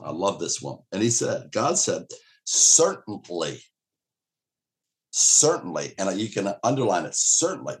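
Earnest low-voiced male pastor preaching. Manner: earnest, emphatic preaching with quoted dialogue. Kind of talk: sermon.

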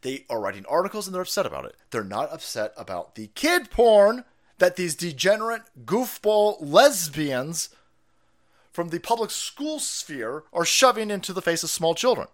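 A man's voice: sits high, very animated, moderate pace. A hungover man hosting a stream, ranting in profane, combative and sarcastic political commentary. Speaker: streamer host.

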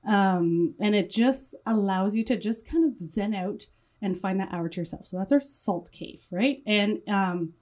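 French-accented woman, warm mellow tone, enthusiastic, piles up long lists, podcast studio guest. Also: medium pitch, unhurried. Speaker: guest, wellness business owner. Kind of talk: casual interview chat.

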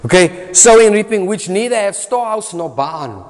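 A man with a South African accent preaching a sermon, emphatic and repetitive, his voice swinging between loud and soft. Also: high-pitched, very animated, unhurried, few pauses. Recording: long reverb of a hall.

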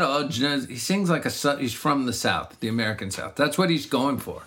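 A man's voice: medium pitch, animated, moderate pace, few pauses, a bit bright. A middle-aged man, a singer-songwriter, chatting casually and reflectively about his craft, often restarting his sentences. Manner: reflective, rambling, frequent restarts. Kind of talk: casual conversation.

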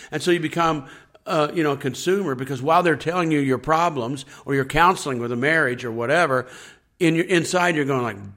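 A man's voice: mid-range voice, brisk, pushed and bright. A man who is a pastor, talking earnestly on a faith podcast, repeating his points and acting out people's complaints. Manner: earnest, repetitive preaching with acted-out complaining quotes.

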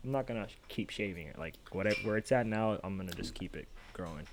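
A man's voice: on the low side, fast talker, noisy background. A man co-hosting a casual podcast from home over a video call, rambling and joking with friends. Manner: rambling, self-correcting, joking. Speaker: podcast co-host. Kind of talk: casual chat.

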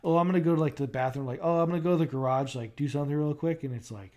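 A man's voice: fairly high pitch, rapid-fire, few pauses, dark tone. A young man co-hosting a podcast in casual chat, rambling with lots of fillers and restarts. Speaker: podcast co-host.

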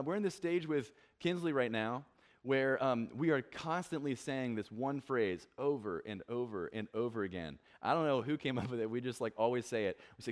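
A young male pastor delivers a relaxed, conversational sermon at an even mid-range pitch. He slips into quoted voices and jokes at his own expense as he goes. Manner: conversational, self-deprecating, acts out quotes. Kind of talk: casual sermon.

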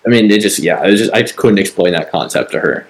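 A man's voice: low-pitched, quick pace, low-quality recording. A man co-hosting a podcast, telling a story in a casual, rambling way, full of swearing and filler words. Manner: rambling, profane, heavy on fillers. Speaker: podcast co-host.

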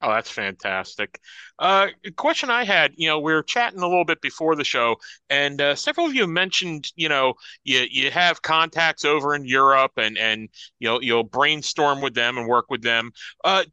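A man's voice: a little high, animated, moderate pace, sharp tone, smooth, dry recording, muffled recording. A man co-hosting a casual chat, joking and asking guests questions. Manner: jokey, asks questions. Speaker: co-host.

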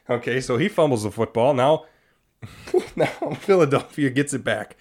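A young man hosting a casual sports talk show, animated and exasperated, often laughing. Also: mid-range voice, measured pace. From Wisconsin. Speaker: sports podcast host.

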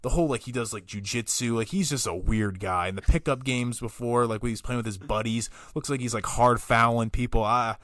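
A man's voice: medium pitch, fairly quick, hardly any pauses, a bit bright, no room sound, studio quality. A man appearing as a guest on a sports podcast, giving blunt, opinionated takes in casual chat.

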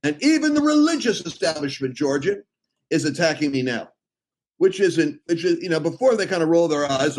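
A middle-aged male preacher with a husky, fairly high voice. He rambles and drives his points hard, breaking into sudden loud outbursts. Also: animated, fairly quick, low-quality recording. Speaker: preacher and host. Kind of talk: impassioned preaching talk.

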